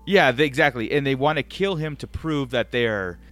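A man's voice: medium pitch, lively intonation, moderate pace, fairly bright tone, faint music behind. A young man co-hosting a casual film review chat, rambling enthusiastically with lots of fillers. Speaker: podcast co-host.

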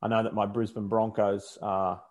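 A man's voice: on the low side, little pitch movement, moderate pace. An Australian man, a motorsport commentator, chatting casually and rambling with frequent self-corrections. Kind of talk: casual chat.

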